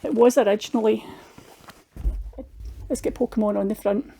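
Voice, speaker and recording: A woman's voice: medium pitch, steady tone, moderate pace, creaky, mellow, a little hiss or hum. A middle-aged Scottish woman chatting casually through her craft projects, homely and full of little restarts. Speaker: craft vlogger. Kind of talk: casual show-and-tell chat.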